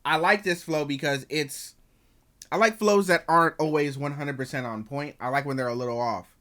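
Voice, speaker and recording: Young man with a bright, forceful voice. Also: fairly high pitch, moderate pace. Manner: loose, slangy and profane, chatty asides to viewers. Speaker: music reviewer reacting to an album. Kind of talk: casual reaction review.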